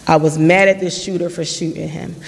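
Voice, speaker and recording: Late 30s, forum speaker, earnest storytelling, mid pitch, long reverb in a church hall. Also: steady tone, a little fast, creaky. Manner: earnest storytelling with reenacted dialogue. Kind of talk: personal testimony.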